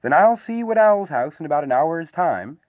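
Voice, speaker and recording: A man voicing a brisk, bossy male rabbit who gives orders. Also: on the high side, big pitch swings, no echo, pitched above the performer's own voice. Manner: brisk, commanding. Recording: slightly dull, dry recording.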